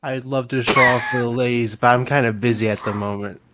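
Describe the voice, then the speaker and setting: A man's voice: medium pitch, fairly even intonation, fairly quick, fairly bright tone, a little hiss or hum. A man playing a tabletop game, joking and a bit hesitant. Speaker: player. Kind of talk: casual tabletop play.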